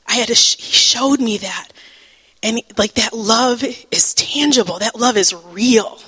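A woman teaching the Bible through a personal testimony, emotional and halting, with many fillers and restarts, and breaking into laughter at times. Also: a little high, pushed and bright, slightly rough, big-room sound, rough recording.

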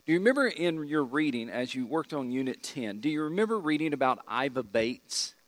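A man's voice: a little high, lively intonation, a little fast, dry recording. A middle-aged man teaching an evening Bible study class, asking the group questions and repeating key points.

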